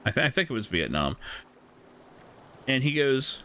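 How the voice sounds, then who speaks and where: A man's voice: mid-range voice, wildly swooping pitch, fairly quick, a bit bright. A man streaming a game, casually telling a story with frequent laughs and swearing. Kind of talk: casual storytelling while gaming.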